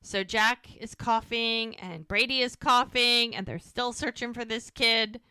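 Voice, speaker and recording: A woman co-hosting a podcast, recapping a TV episode in a lively, casual way and acting out the characters' lines. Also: fairly high pitch, a little slow, clear, resonant tone, dry recording. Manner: animated retelling, acting out quoted lines. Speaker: podcast co-host.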